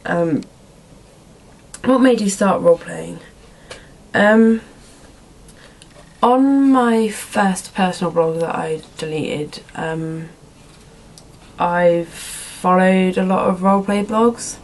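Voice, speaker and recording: A woman's voice: fairly low pitch, slow pace, long pauses, darkish tone, low-quality recording. Rambling young woman answering viewer questions. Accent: put-on accent, not her own. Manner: rambling, lots of "like" and "um". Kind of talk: casual Q&A vlog.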